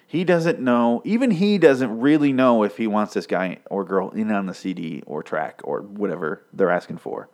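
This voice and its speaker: A man giving a mock-serious, faux-scholarly breakdown of song lyrics in a deadpan comedic style. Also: medium pitch. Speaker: comedic commentator.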